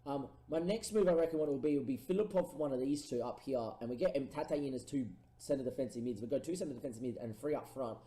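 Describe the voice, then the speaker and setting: A man's voice: mid-range voice, quick pace, few pauses, reverberant, rough recording. A man casually commentating his own football management game, thinking aloud through his tactics. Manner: thinks aloud, erupts into excited goal calls. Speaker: gaming streamer.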